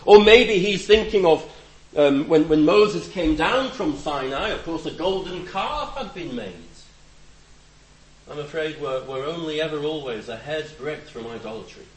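Animated preacher with a roomy echo. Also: male voice, a little high, a little slow, a little hiss or hum. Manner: reflective, rises and drops for emphasis, gentle humor. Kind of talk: conversational sermon.

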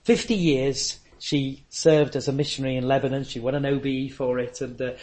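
A man's voice: medium pitch, steady tone, brisk, a little mellow. An older man, preaching a sermon with earnest, anecdotal storytelling.

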